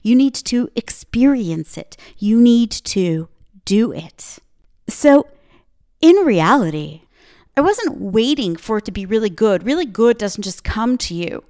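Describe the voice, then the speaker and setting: A woman's voice: a little high, expressive, unhurried, mellow. A woman hosting a podcast, speaking into a microphone in an emphatic motivational monologue with punchy repeated slogans. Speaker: podcast host.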